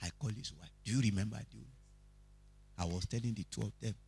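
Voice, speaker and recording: A man's voice: on the low side, fast, creaky, slightly rough. A man with a Nigerian accent, teaching a Bible study, who keeps asking his listeners questions and tells stories with energy. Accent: Nigerian, Yoruba-speaking. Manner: preachy, asks the audience questions, animated storytelling. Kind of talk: teaching sermon.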